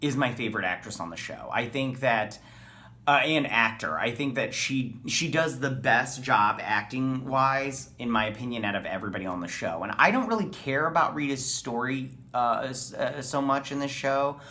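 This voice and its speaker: A man's voice: medium pitch, expressive, moderate pace, pushed and bright. A man hosting a casual TV episode review, talking in a rambling, enthusiastic way with many ums and uhs. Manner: rambling, filler-heavy, enthusiastic. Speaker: TV show reviewer.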